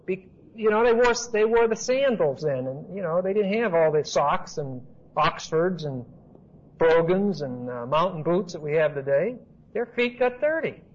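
Male Bible teacher, high husky voice, emphatic and repetitive, casual classroom delivery; dull lo-fi tape. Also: lively intonation, normal speed. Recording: dull lo-fi recording.

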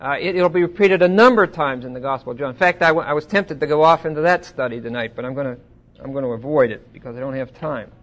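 Bible teacher, man, slightly high voice, chatty lecture that swells on scripture, asks the room questions. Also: fast talker. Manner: conversational, swelling louder on scripture quotes. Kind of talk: Bible study sermon.

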